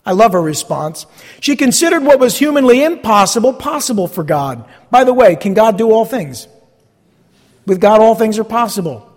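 A male pastor preaching with a high, animated voice that swoops up and down. He leans on key phrases, repeats them and puts questions to his listeners. Long reverb of a large hall trails behind him. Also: moderate pace. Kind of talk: sermon.

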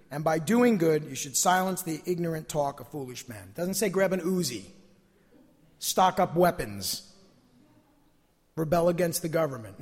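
A man's voice: a little high, breathy edge, in a large hall. A man preaching a sermon as pastor, his voice tired, repeating key phrases with emphasis.

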